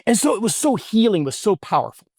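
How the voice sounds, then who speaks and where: A middle-aged man, a guest on an interview show, tells a personal story in an earnest, heartfelt way, often halting and restarting his sentences. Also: high-pitched, very animated, a little mellow, no room sound, clean studio sound.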